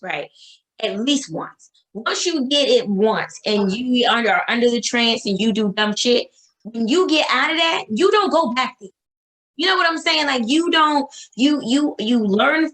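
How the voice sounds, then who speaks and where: A woman's voice: fairly high pitch, fairly bright tone, low-quality recording. A woman co-hosting a casual chat show, blunt and emphatic, repeating herself and swearing freely. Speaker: podcast co-host.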